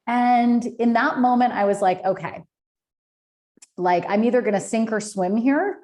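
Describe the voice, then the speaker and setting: A woman's voice: on the high side, lively intonation, moderate pace, darkish tone. A woman in her thirties, a podcast guest, telling a personal story in a candid, emotional way with many fillers. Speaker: podcast guest, business founder.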